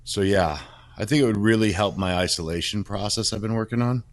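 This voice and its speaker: A man's voice: on the low side, brisk. A man co-hosting a podcast, a former pro bodybuilder, talking in a rambling, self-mocking way. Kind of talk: casual chat.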